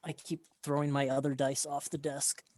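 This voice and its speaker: A man running a tabletop game as game master, narrating in a relaxed way with lots of fillers. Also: on the high side, normal speed, noisy background.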